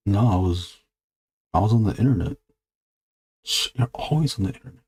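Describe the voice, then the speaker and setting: A man's voice: on the low side, lively intonation, moderate pace, pauses often, a little mellow, husky. A man hosting a drawing live stream, chatting casually in a rambling, joking way and swearing freely. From United States. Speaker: artist and live stream host.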